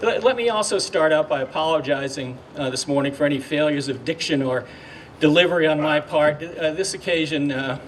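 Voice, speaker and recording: An older man giving a ceremonial speech outdoors, halting and heartfelt, with many fillers and restarts. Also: on the high side, a little hiss or hum. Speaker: speaker at a memorial dedication. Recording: distant mic, faint outdoor ambience.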